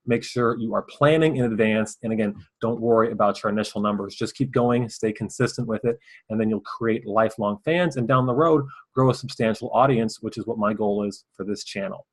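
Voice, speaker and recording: A man hosting his own video channel, giving fast, casual advice straight to camera and sometimes mumbling his words. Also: lowish voice, low-quality recording. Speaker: host.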